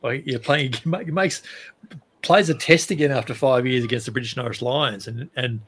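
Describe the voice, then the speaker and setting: A man's voice: brisk, breathy edge. A man hosting a podcast, chatting casually and acting out quotes with animation. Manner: animated, acts out quotes in higher voice. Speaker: podcast host. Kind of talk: casual chat.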